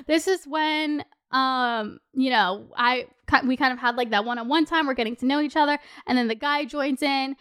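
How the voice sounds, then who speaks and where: A woman's voice: sits high, normal speed, few pauses, fairly bright tone, clean tone. A young woman in her twenties hosting a podcast, telling a story in a chatty way, swearing often and saying "like" a lot. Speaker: podcast host. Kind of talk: casual storytelling.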